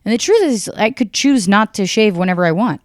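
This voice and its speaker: A woman in her thirties hosting a podcast, delivering a profane, deadpan, rambling solo comedy rant. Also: medium pitch, fairly quick, dry recording, studio quality. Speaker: podcast host.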